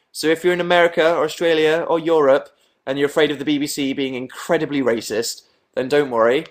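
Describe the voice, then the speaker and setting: Young man, livestream host, dry, sarcastic, self-mocking, webcam mic, bedroom. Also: medium pitch. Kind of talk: casual live chat reading viewer comments. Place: bedroom at night.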